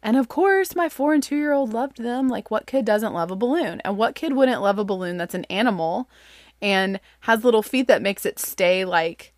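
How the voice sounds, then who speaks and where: A woman in her thirties, a mother telling a funny story in a casual, animated, self-deprecating way. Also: moderate pace, no room sound, clean studio sound. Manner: animated, self-deprecating, acts out quotes in high voices.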